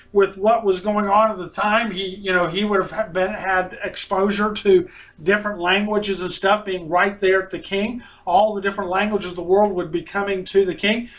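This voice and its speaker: A man delivers a sermon in a high, bright voice. He preaches earnestly and slips into the mocking voices of the people he describes. He sounds some way off from the mic. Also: far from the mic, poor audio. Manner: earnest, acts out mocking quotes of opponents.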